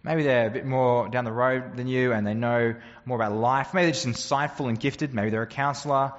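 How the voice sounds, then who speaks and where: A man's voice: medium pitch, fairly even intonation, brisk, big-room sound, muffled recording. A man preaching a sermon as a pastor, conversational and earnest, often asking the congregation rhetorical questions.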